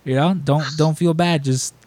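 A man's voice: on the high side, steady tone, moderate pace, darkish tone, no echo. A young man co-hosting a podcast, telling stories in a rambling casual chat with lots of fillers and restarts. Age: young adult. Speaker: podcast co-host.

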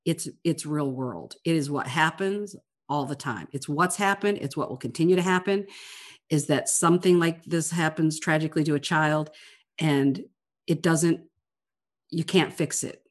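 A woman co-hosting a casual book-club podcast as a librarian, earnest and animated, often restarting her phrases. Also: deep voice, normal speed.

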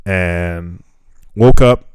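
Laid-back, low-voiced guy swearing through a story. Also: drawn-out words, a little mellow, smooth, dry recording. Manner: profane, laughing storyteller. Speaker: podcast host. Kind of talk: casual chat.

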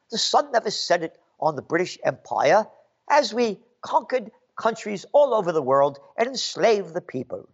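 A man's voice: sits high, very animated, unhurried, vocal fry, highs cut off. A man delivering an angry, sarcastic political rant as a commentator. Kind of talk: ranting monologue.

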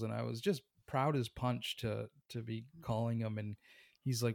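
A man telling a story about his career as a tattoo artist in a relaxed, conversational way. He acts out the other people in the story and laughs often. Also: mid-range voice, normal speed, gravelly, no echo, studio quality. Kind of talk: casual storytelling.

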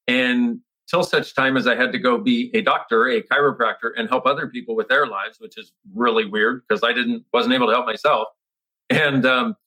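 Bright-voiced man telling his story. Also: medium pitch, low-quality recording. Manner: animated, acts out his past self with exclamations; frequent restarts and filler words. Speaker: interview guest. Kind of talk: personal storytelling in conversation.

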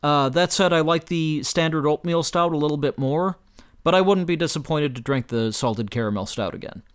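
A man's voice: a little high, clear, resonant tone. A man giving a casual spoken beer review, stumbling through restarts and fillers as he searches for words. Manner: halting, many restarts and fillers.

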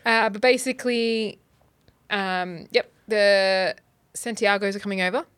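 A laid-back woman talks through a TV episode with her co-host, often laughing and filling pauses with ums. Her voice sits in a middle register. The recording is dry and close, made in a home garage studio. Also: mid-range voice, steady tone, fairly bright tone, dry recording. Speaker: podcast co-host. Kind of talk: casual chat recapping a TV episode.

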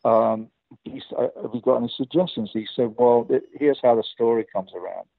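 An older man with an English accent, a guest telling lively anecdotes and acting out the dialogue of the people in them. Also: mid-range voice, brisk, vocal fry, dry recording, narrow, tinny audio. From England. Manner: lively storyteller who acts out quoted dialogue with many restarts. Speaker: guest, record producer and guitarist.

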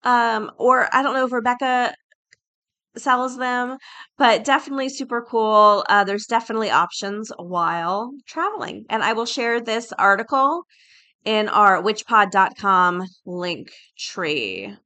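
A woman's voice: a little high, lively intonation, measured pace, bright, forceful tone. A woman hosting a podcast, talking casually and reading aloud with filler words like uh and um. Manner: chatty, reads aloud with fillers. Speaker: podcast host.

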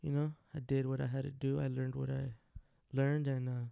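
A man's voice: medium pitch, level tone, moderate pace, gravelly, warm tone, smooth, no room sound, studio quality. A man telling stories in laid-back, slangy casual chat on a podcast. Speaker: podcast guest.

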